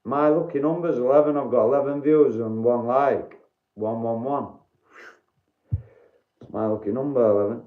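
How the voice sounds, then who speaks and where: Yorkshire man, livestream host, blunt and sweary with chat, mid pitch, roomy slightly muffled sound. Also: normal speed, long pauses. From Doncaster, Yorkshire, England. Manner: blunt, swears freely, chats to viewers by name. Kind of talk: casual livestream chat with viewers.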